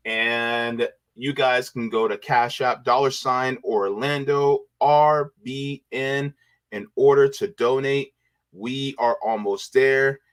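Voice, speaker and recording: A man hosting a livestream, thanking viewers by name and getting excited and emotional. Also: mid-range voice. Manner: excited, emotional, shouting for joy. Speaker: livestream host. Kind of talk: casual livestream sign-off.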